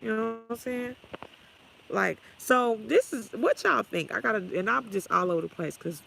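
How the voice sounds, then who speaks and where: A woman's voice: fairly high pitch, lively intonation, moderate pace, vocal fry, a bit bright, low-quality recording. A woman ranting on her livestream, blunt, sassy and trash-talking. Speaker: vlogger. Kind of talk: profane ranting livestream talk.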